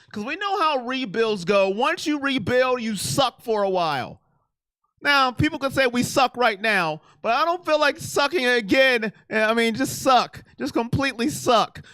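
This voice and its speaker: A man's voice: high-pitched, clean tone, dry recording, studio quality. A middle-aged man hosting a casual sports live stream, chatting and reading viewer comments aloud. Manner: animated, reads chat aloud and reacts.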